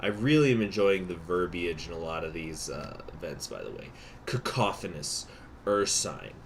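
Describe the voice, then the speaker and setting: A man's voice: low voice, lively intonation, moderate pace, slight background noise. A man casually commentating his strategy game on a live stream, chatting with viewers as he goes. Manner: chatty, answers chat, many fillers.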